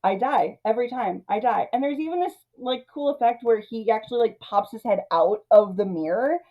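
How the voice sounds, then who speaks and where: A woman's voice: on the high side, fairly quick, muffled recording. Chatty woman recapping a movie. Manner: chatty, laughs often, many "like" and "you know". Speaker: movie review host.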